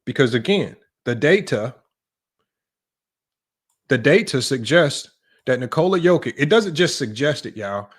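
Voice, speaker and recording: A man's voice: mid-range voice, lively intonation, moderate pace. A man hosting a live-stream basketball commentary, talking emphatically and repetitively, often tossing questions to his chat and arguing his point. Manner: emphatic and repetitive, often asks "right?" and addresses "y'all"; argumentative, talks straight to his live chat. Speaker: sports analytics streamer.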